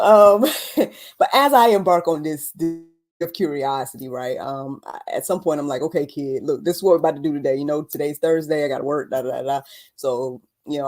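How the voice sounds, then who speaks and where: A young adult woman hosting a casual faith talk livestream, chatty and animated, laughing often and speaking with many fillers. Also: deep voice. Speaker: host.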